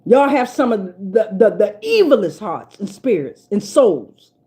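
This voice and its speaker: A woman's voice: medium pitch, very animated, a little slow, mellow. A woman giving a casual spiritual tarot reading in a blunt, profane and preachy way, repeating lines for emphasis. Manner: emphatic, repeats herself for weight. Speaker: tarot reader.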